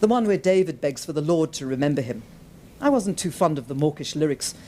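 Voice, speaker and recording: A woman's voice: low voice, fairly quick, slight background noise. A woman author reading her own novel aloud at a bookshop event, telling the story expressively. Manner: expressive, animated storytelling with voiced characters.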